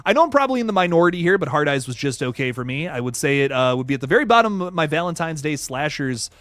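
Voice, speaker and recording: A man's voice: on the high side, very animated, quick pace, fairly bright tone, no echo. A man hosting a livestream, reading chat comments aloud and rambling casually with lots of laughs. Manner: rambling, laughs a lot, frequent restarts. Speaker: YouTube host reading live chat.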